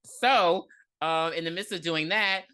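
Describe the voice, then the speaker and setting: A woman co-hosting a casual podcast, recapping an episode in slangy, animated chat, often laughing and acting out the characters' lines. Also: fairly low pitch, measured pace, smooth. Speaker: podcast co-host.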